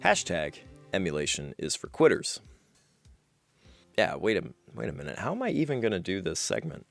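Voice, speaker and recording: A man's voice: low voice, sing-song, moderate pace, creaky, fairly bright tone, faint music behind. A man hosting a comedic courtroom sketch, speaking mock-formally with exaggerated startled reactions. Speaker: host playing a judge.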